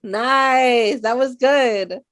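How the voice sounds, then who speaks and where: American woman cohost, unhurried and encouraging, dry close sound. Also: a little high, dry recording. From United States. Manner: supportive, brief replies. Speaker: podcast co-host. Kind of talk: casual chat.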